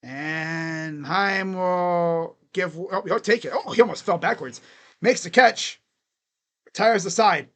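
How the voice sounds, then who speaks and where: Slow-talking young man calling baseball. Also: high-pitched, a bit bright. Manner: chants repetitively, chatty, laughs often. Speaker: live reaction play-by-play host. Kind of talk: casual live baseball play-by-play.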